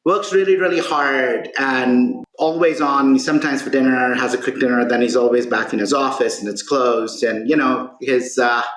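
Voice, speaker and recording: A man's voice: mid-range voice, steady tone, moderate pace, hardly any pauses, fairly bright tone. Man telling a story in a roomy room. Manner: frequent "right?" and "you know" tags. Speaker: podcast guest and author. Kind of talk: storytelling in conversation. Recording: roomy echo.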